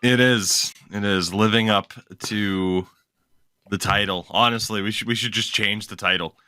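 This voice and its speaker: A man hosting a casual hockey podcast, chatty and quick to laugh. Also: on the low side, clear, resonant tone, dry recording, studio quality. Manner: chatty, laughs often, animated storytelling. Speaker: podcast host.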